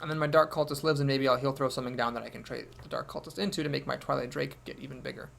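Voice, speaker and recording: A man's voice: medium pitch, steady tone, very fast, vocal fry, a bit bright. A man thinking aloud as he commentates his own card game, with wry asides. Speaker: gameplay commentator.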